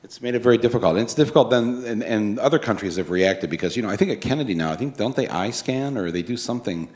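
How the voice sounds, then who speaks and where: A man moderating a panel, talking casually with lots of halting fillers. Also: on the low side, animated, darkish tone.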